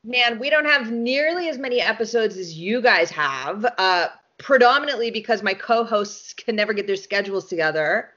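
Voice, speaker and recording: A woman's voice: mid-range voice, normal speed, few pauses, a bit bright. A woman being interviewed in a casual chat, talking animatedly, swearing freely and laughing often. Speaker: interview guest. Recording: dull lo-fi sound.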